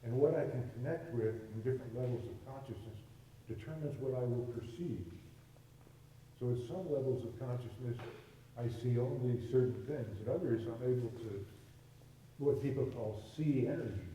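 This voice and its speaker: An older man, a spiritual teacher, telling a story to a congregation in a relaxed, amused way, acting out both sides of the conversation. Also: mid-range voice, moderate pace, a little hiss or hum. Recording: distant, very echoey hall recording.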